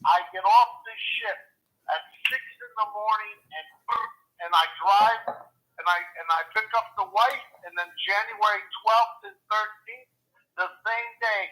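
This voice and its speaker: A comedian calls in over a tinny phone line, his voice high and piercingly bright. He rambles through his stories with animated energy and trips over repeated words. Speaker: comedian calling in. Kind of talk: phone-in storytelling. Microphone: telephone.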